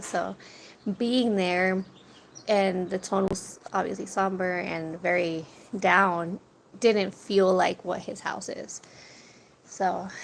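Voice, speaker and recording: Young female food vlogger, casual storyteller, gravelly tone, faint outdoor noise behind. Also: mid-range voice. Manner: chatty storyteller, swears casually, laughs often. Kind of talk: casual chat to a live audience. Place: outdoors near a corner store. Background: wind and birds.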